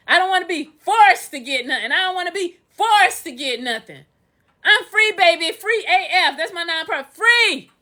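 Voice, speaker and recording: A woman's voice: very high-pitched, bright, forceful tone. A woman talking casually to her viewers on a phone livestream, emphatic and full of sing-song repetitions. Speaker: livestreamer and real estate instructor.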